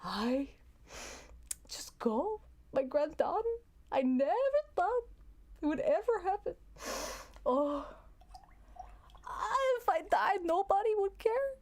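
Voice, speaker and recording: High whiny old granny, fake sobbing, guilt-tripping, shrill, as a woman puts her on. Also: very animated, slow, pauses often, a little mellow, full character voice. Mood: guilt-tripping wail. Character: guilt-tripping old grandmother, melodramatic wailer.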